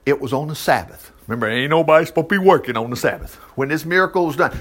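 A man teaching from the Bible in a folksy, animated way, reading verses aloud and adding asides. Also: on the high side, racing, hardly any pauses. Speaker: preacher.

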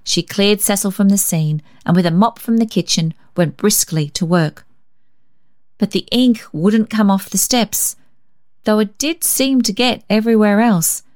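A woman's voice: mid-range voice, darkish tone. Woman reading a children's story aloud. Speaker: reader. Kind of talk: storybook narration.

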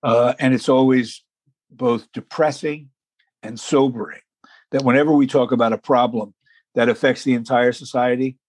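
Male host, husky, dry close sound, folksy and deliberate. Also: medium pitch, steady tone, darkish tone, dry recording. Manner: folksy, deliberate, slows for emphasis. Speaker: talk show host. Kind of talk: hosting an interview show.

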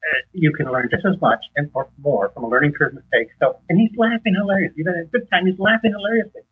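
A man with a husky voice, a guest in an interview, teaching on faith in a conversational way and animatedly acting out dialogue. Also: fast talker. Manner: animated storyteller, acts out dialogue with rising pitch. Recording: tinny phone-line sound.

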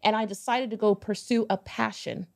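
A woman guest on a podcast, telling a personal story in a casual, animated way, acting out bits of dialogue and swearing now and then. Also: medium pitch, normal speed, creaky. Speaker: podcast guest, business owner.

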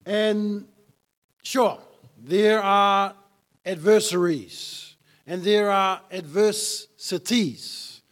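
A man's voice: sits high, very slow, a bit bright. A man preaching a sermon as pastor, emphatic and fond of repeating key lines for effect.

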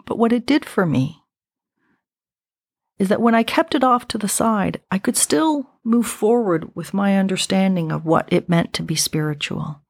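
A woman in her fifties hosting a podcast, telling a personal story in a slow, reflective and intimate way. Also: medium pitch, gravelly, no echo, clean studio sound. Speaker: podcast host.

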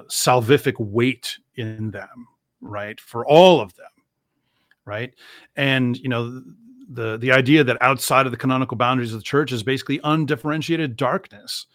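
A man's voice: medium pitch, dry recording, clean studio sound. A man answering an interview question at length, thoughtful and explanatory, with many fillers and restarts. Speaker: interview guest, Orthodox Christian speaker.

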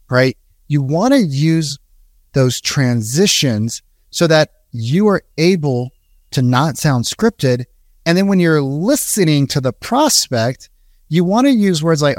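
A man's voice: a little high, lively intonation, slow, no echo, clean studio sound. A man giving casual sales coaching. He talks conversationally, often checks in with "right?" and acts out sample calls. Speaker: sales trainer.

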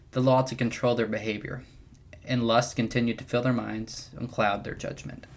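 A young man with an ordinary mid-range voice teaches Scripture in a steady, earnest way. He reads from a prepared script but slips in wry, self-deprecating asides along the way. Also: medium pitch. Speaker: podcast host teaching the Bible.

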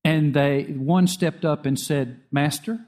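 A man's voice: a little high, a little slow, mellow. A man preaching a sermon earnestly, often repeating phrases and restarting with small fillers. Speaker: pastor.

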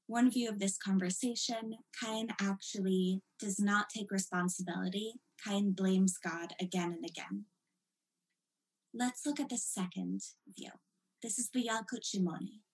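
A woman leads a text study lesson, explaining each passage with emphasis. Her delivery is animated and explanatory, with a mid-range pitch. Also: low-quality recording. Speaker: teacher.

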